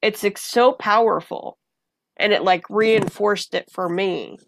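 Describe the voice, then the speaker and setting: A woman guest in a casual conversation, telling personal stories in an animated way and acting out the voices of the people in them. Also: medium pitch, slow, creaky, no room sound. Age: adult mother of a young child. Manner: animated, acts out voices in her anecdotes. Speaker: podcast guest.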